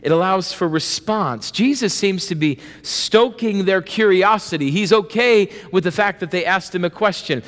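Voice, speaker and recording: A man preaching a sermon with playful asides, acting out voices and lively emphasis. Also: high voice, moderate pace, hardly any pauses. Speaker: pastor. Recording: long reverb of a large hall.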